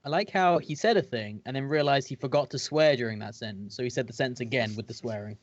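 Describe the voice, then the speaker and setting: A man's voice: medium pitch, fast talker, dull audio. A man playing a tabletop game, making wry teasing remarks. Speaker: player. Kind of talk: casual chat.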